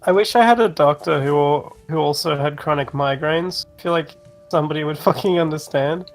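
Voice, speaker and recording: A man's voice: a little high, a little fast, faint music behind. A young man co-hosting a podcast, chatting casually and teasing the others with cheeky questions. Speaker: podcast co-host. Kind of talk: casual chat.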